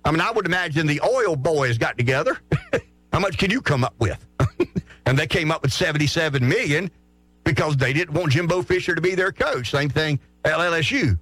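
A middle-aged man hosts a sports talk show, his voice climbing and dropping all over the place as he pushes blunt opinions. He trips over his words and restarts a lot, and his voice sits slightly high with a dry, close sound. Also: a little fast, no echo, soft background music. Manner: blunt, animated, stammering restarts. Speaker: radio talk show host.

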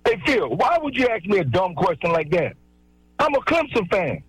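A man's voice: high-pitched, very animated, moderate pace, a bit bright, husky, dry recording, rough recording. A man calling in to a sports radio show, trash-talking the host in loose, brash banter. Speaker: regular caller. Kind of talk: phone-in banter.

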